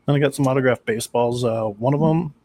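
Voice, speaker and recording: A man's voice: medium pitch, quick pace, darkish tone. Easygoing man telling sports stories. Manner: easygoing storyteller, teasing. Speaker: podcast co-host. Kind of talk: casual sports chat.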